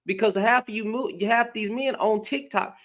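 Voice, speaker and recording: A US livestream host, this woman reacts bluntly and heatedly, often repeating herself. She speaks a little high and a bit bright, at a moderate pace.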